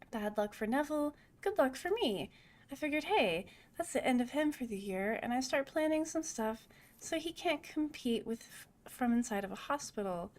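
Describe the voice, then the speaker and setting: A sleazy, rotund studio boss in a cyberpunk game, all high nasal wheeling and dealing in a rough mock New York accent. A woman puts him on while reading the game text. The voice stays fairly high. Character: rotund male film-studio boss, oily and pushy. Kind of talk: reading game dialogue aloud.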